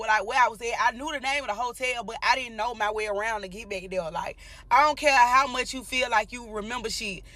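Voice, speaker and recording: A woman's voice: a little high, pushed and bright, no room sound. A young woman with a drawl tells her story casually and bluntly to viewers. She curses freely and keeps pulling the listener in with direct address. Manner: blunt, profane, talks straight to viewers.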